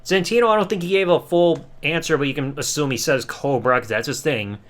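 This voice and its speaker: A man's voice: a little high, a little fast, fairly bright tone. A man hosting a podcast, giving a sarcastic, casual episode review and swearing freely. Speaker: podcast host.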